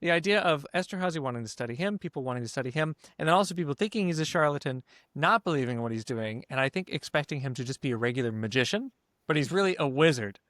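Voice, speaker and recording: A man's voice: fairly high pitch, expressive, fast, a bit bright, dry recording, studio quality. A man co-hosting a podcast, talking over a story in a loose, rambling way and searching for words. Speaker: podcast co-host. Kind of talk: casual book discussion.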